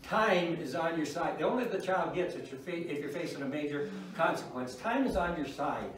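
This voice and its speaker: Speaking at a moderate pace in an expressive voice on the high side, the older man gives an informal church talk on parenting. He tells folksy, wry stories and chuckles at them himself. Recorded from a distance in an echoey room.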